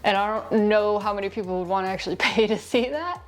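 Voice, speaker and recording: A woman's voice: mid-range voice, quick pace, over music. Woman, movie reviewer, casual video review, sarcastic, rambling, lapel mic. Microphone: lapel mic in shirt.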